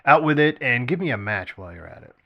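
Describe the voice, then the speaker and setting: A man voicing Old Man Tweedle, raspy and sly. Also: medium pitch, very animated, fast, muffled recording. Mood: smooth, coaxing. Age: older. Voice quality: smooth yet raspy. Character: smooth, raspy old man, cigar-smoking barfly, sly and crude.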